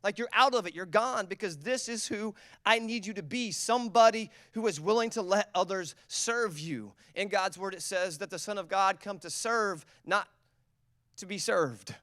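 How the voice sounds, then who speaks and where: A man's voice: sits high, normal speed, no echo, clean studio sound. A man, preaching a sermon and telling a story, acting out the quotes with energy. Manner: storytelling, animated, acts out quotes. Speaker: pastor.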